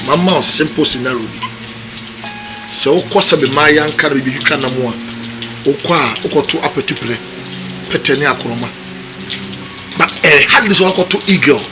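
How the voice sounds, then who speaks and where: An actor playing a stern elder father who lectures slowly with proverbs and mixes Twi and English. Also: medium pitch, close to an everyday voice. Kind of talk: film drama acting. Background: food sizzling in a pan.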